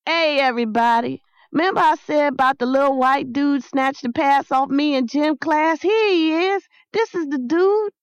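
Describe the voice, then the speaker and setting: A woman voicing a brash teenage boy who calls out loudly and excitedly in street talk. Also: sits high, normal speed, dry recording, pitched above the performer's own voice. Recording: slightly dull lo-fi sound.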